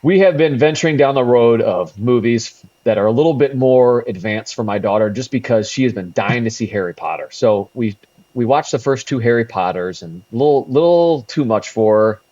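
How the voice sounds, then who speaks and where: A man's voice: medium pitch, animated, normal speed, dark tone, no echo, lo-fi sound. A man in his thirties co-hosting a casual podcast, laughing often and stammering through restarts. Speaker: podcast co-host. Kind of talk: casual chat. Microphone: remote call mic.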